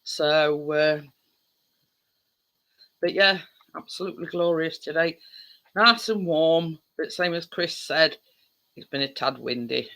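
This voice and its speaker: A woman's voice: low-pitched, slow, long pauses, a bit bright. A woman hosting a casual livestream, chatting with viewers in a rambling way with lots of fillers. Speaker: livestream host.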